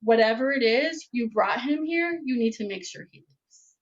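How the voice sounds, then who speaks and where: Stern threatening male dealer, quoted by a woman storyteller, low flat warning voice, muffled sound. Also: moderate pace, close to an everyday voice.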